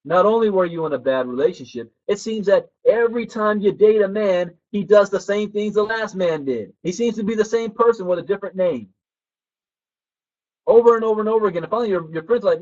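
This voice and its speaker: A man's voice: high-pitched, a little fast, lo-fi sound. A man giving a motivational training talk, who tells stories and acts out the people in them. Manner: animated storyteller who acts out quoted people. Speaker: personal development trainer.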